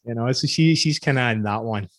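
A man's voice: medium pitch, brisk, a bit bright, no room sound, clean studio sound. A Scottish man in his forties hosting a podcast, chatting casually and telling rambling anecdotes with frequent chuckles. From Scotland. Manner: rambling storyteller, chuckles often. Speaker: podcast host. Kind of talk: casual interview chat.

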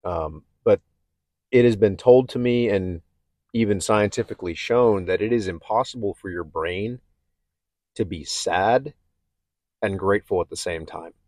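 A man talking candidly and haltingly about his own struggles, with many restarts. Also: on the low side, a little mellow, no room sound, studio quality. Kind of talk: personal reflective talk.

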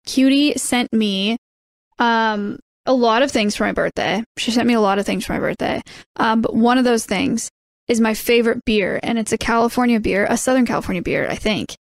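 Higher-pitched woman co-hosting, dry sound. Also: normal speed, no room sound. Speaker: podcast co-host. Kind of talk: casual chat.

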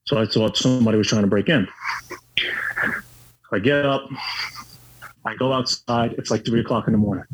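A man's voice: on the low side, normal speed, long pauses, low-quality recording. A middle-aged man telling his own story candidly, blunt and profane, with lots of fillers. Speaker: guest.

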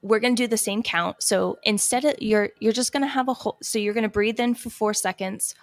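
Brief: woman, hairstylist guest, slight vocal fry, dry close sound, calm counting, chatty filler-heavy talk. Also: mid-range voice, fairly quick, dry recording. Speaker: hairstylist guiding breathing exercises. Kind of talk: casual podcast chat with guided breathing.

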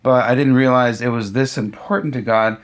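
A man, a pastor being interviewed, telling a personal story in a lively conversational way, with humorous asides and acted-out quotes. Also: medium pitch, brisk. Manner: animated storyteller who acts out what others said; humorous, self-deprecating asides. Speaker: pastor and guest speaker.

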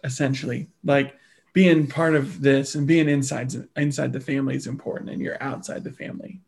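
A man co-hosting a podcast, chatting casually and quickly agreeing with the others. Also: medium pitch, level tone, creaky, a little mellow, slightly rough. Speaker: podcast co-host. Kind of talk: casual chat.

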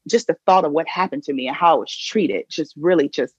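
A woman guest on a podcast, telling a personal story with vivid, animated retelling, recorded a little dull and lo-fi. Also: low voice, brisk, slightly rough, no room sound.

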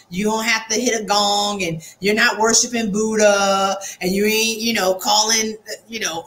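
Podcast host, female, middle voice, casual and animated with slang. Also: medium pitch. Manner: chatty, animated, laughs often, slangy asides. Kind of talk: casual interview chat.

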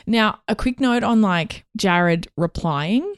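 A woman's voice: medium pitch, animated, takes it slowly, clear, resonant tone, no room sound. A woman hosting a casual talk show, chatty and frank as she gives advice. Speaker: podcast host. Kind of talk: casual chat. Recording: dry close-miked studio.

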